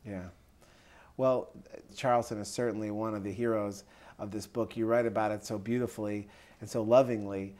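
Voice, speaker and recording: A man's voice: lowish voice, steady tone, moderate pace, a little mellow. Polite male interviewer. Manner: polite, admiring questioner. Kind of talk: interview questions.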